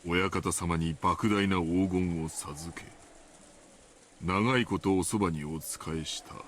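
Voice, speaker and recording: A man's voice: low-pitched, fairly even intonation, normal speed, a bit bright, a little hiss or hum. An actor playing a deferential older male butler who speaks formally, from game audio played on a stream. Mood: solemn.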